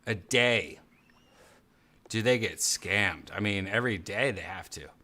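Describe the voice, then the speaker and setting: A man's voice: on the low side, measured pace, pushed and bright. A man hosting a casual podcast chat, rambling and acting out quotes in funny voices. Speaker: podcast host.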